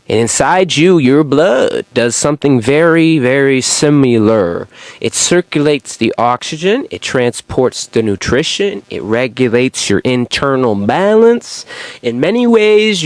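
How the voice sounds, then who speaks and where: A young man giving an intense, profane spiritual monologue to his viewers, swinging between fast ranting and slow, emphatic lines. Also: mid-range voice, very animated, no echo. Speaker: spiritual content creator.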